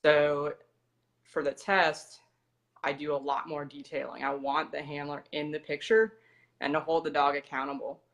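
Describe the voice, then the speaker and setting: In a low, level voice at a moderate pace, this young American dog trainer speaks as a guest in a casual interview. She is a young adult, and her delivery is matter-of-fact and explanatory.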